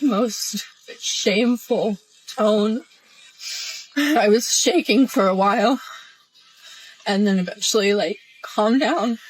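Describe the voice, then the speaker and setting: A woman in a tearful, halting, emotional confessional vlog. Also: on the high side, a little hiss or hum, low-quality recording. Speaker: social media poster.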